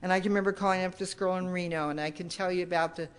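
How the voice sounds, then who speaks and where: A woman's voice: lowish voice, steady tone, very fast, clean tone. Older woman, recovery meeting speaker, rambling testimony full of restarts and asides. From United States. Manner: rambling, restarts often, many "you know"s. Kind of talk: personal testimony talk. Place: meeting hall.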